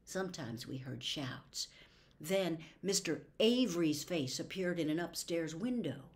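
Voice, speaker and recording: A woman narrating a classic novel as an audiobook in a deliberate reading manner. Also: lowish voice, animated. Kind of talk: scripted narration.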